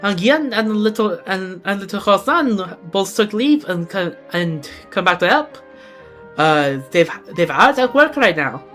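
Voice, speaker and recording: A woman voicing a gentle, small female fairy-like creature in a game, speaking softly and sweetly. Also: medium pitch, very animated, fast, faint music behind, voice pushed up.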